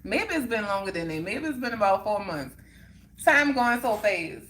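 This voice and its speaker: A young woman talks casually to her livestream viewers and answers their comments. Her voice is bright and sharp. She is emphatic and keeps circling back to the same points. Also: mid-range voice, very animated, normal speed, a little hiss or hum. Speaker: livestream host.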